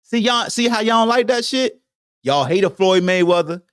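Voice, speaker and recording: A man's voice: sits high, lively intonation, normal speed, clear, resonant tone, dry recording, clean studio sound. A man hosting a podcast, delivering a heated, blunt sports rant full of slang and profanity. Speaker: podcast host.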